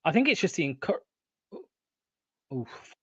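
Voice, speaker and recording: A young man hosting a live football watchalong, swearing often and swinging from excited shouting to deflated muttering. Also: a little high, a little slow, lo-fi sound, slight background noise. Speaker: fan watchalong host.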